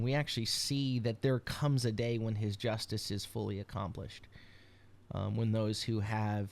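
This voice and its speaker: Man teaching scripture, halting and earnest. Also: medium pitch. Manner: reads scripture aloud, then explains it with frequent ums and restarts. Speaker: rabbi. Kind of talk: devotional Bible teaching.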